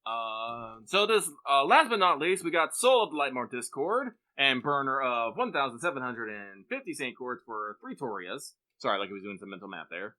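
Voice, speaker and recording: A man co-hosting a casual podcast, blunt and loose in his talk and quick to swear. His pitch swings widely and his tone is bright. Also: very animated. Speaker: podcast co-host. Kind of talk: casual chat.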